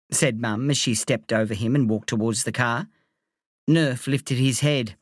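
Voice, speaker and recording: A woman narrating a children's story aloud in a playful, expressive way. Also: extremely low pitch, measured pace, dry recording, clean studio sound. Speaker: audiobook reader.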